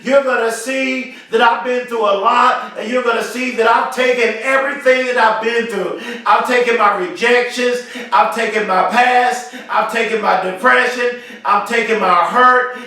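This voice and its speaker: A man's voice: extremely high pitch, steady tone, normal speed, sharp tone, heavy reverb, distant mic. A man giving a motivational speech to camera, emphatic and repetitive, with a preacher-like rhythm. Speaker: motivational speaker.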